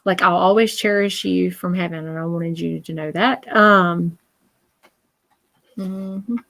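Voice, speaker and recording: A woman's voice: fairly low pitch, takes it slowly, gravelly, fairly bright tone. A woman psychic medium giving a live spirit reading in a chatty, reassuring way, full of fillers and check-ins.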